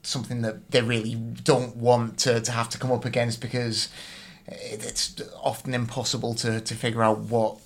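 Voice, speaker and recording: A man with a flat, even voice joins a book podcast chat. He mostly agrees and adds brief, measured points. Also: mid-range voice. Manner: agreeable, adds short remarks. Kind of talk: casual book discussion.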